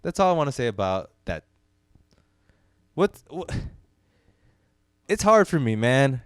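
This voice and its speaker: A man co-hosting a casual podcast, telling a story in a laid-back way and quoting others in low asides. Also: sing-song, a little slow, smooth, dry recording, studio quality. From United States. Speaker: podcast co-host. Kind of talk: casual chat.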